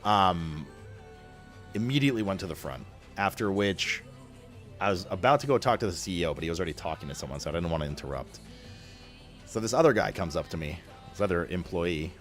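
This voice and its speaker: Young male streamer, low voice, rambling excitable storyteller with a foul mouth, faint music underneath. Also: fast. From Romania. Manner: rambling, excitable, swears a lot. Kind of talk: casual storytelling to stream chat.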